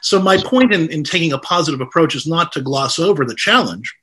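A man's voice: on the high side, lively intonation, a little fast, pushed and bright. A man giving a conversational talk on faith and ministry, earnest, with frequent restarts. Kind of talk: informal lecture with Q&A.

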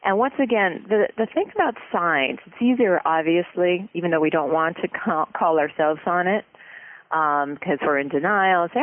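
A guest expert giving relationship advice in an interview, explaining in an earnest, steady way. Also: mid-range voice, moderate pace. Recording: tinny phone-like line.

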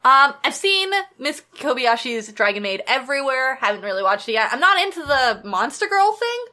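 Woman podcast co-host, high, bright voice that moves a lot, wry and laughing. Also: big pitch swings. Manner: quick, laughing, wry asides. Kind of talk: casual chat.

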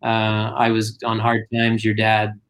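This guest, a middle-aged man, has a lowish voice and a measured delivery. In relaxed storytelling he recounts family anecdotes with energy, performing what people said.

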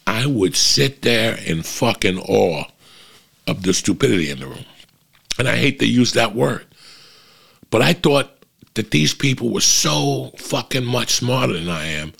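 Gravelly, husky man swearing through a story. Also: lowish voice, a bit bright. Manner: profane, rambling, addresses listeners as guys. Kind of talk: casual storytelling chat.

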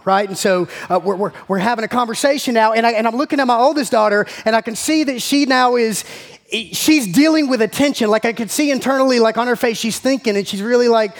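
A man, preaching a sermon and telling a family story in a folksy, animated way. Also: very high-pitched. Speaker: pastor.

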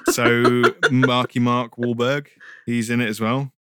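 A man's voice: mid-range voice, level tone, measured pace, very noisy. A man co-hosting a casual chat, reading reviews aloud and rambling with many fillers. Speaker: podcast co-host.

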